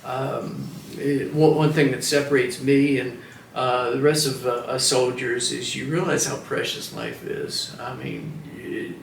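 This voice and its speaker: An older man in his seventies with a gravelly voice recalls his life slowly, full of pauses and restarts. He sounds a bit distant from the mic in a roomy space with faint ambience behind him. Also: medium pitch, steady tone, a little hiss or hum. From Washington, DC, United States. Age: 70s. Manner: hesitant, reflective, many fillers and restarts. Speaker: veteran interviewee. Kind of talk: oral history interview.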